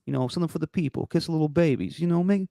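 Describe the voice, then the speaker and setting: A brash, theatrical New York guy with a thick Italian-American accent, put on by a man. The voice is gravelly and smooth, loud and hammy, and recorded close and dry with no room sound. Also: fairly high pitch, very fast, no echo, voice pushed up. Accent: exaggerated Italian-American New York.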